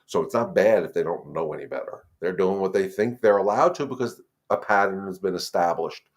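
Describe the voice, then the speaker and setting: A man's voice: deep voice, brisk. A man hosting a live dog-training Q&A, talking casually and directly to viewers, repeating words and turning firm and emphatic on the rules. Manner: conversational, repeats words, addresses viewers as guys. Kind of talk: casual live-stream advice.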